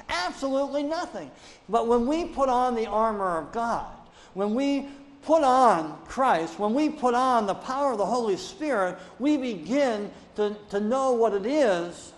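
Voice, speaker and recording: A male pastor delivers a lively sermon, often rising into loud, insistent rhetorical questions. His voice is high for a man, and the church sanctuary adds long reverb.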